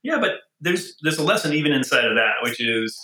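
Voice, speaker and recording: A man who is a leader and author, talking casually, animated and thinking aloud with frequent restarts. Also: a little high, fairly quick, reverberant, low-quality recording. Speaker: guest, engineering leader and author. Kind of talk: casual conversation.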